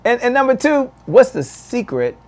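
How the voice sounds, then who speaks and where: High-voiced energetic male host. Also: normal speed. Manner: energetic, hype, repeats phrases; calls people "man". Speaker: show host. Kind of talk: live-stream interview and shout-outs.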